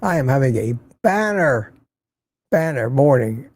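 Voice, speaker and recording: A man's voice: medium pitch, big pitch swings, unhurried, no echo, clean studio sound. An older man hosting a casual livestream from Florida, reading viewer comments aloud and teasing them in a chatty way. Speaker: livestream host. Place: home in Florida.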